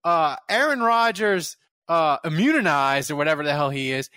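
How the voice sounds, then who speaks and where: A man co-hosting a podcast, bantering in a lively, jokey way. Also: on the high side, normal speed, clear, resonant tone, dry recording. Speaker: podcast co-host. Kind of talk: casual sports chat.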